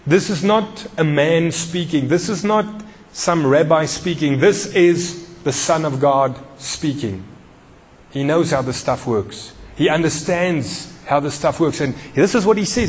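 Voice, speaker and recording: A man preaching in a church with a fairly high voice. He drives each point home with repetition and questions to the listeners. His words ring out in a long echoing hall. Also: measured pace. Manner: emphatic, repeats key phrases, questions the congregation. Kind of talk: sermon.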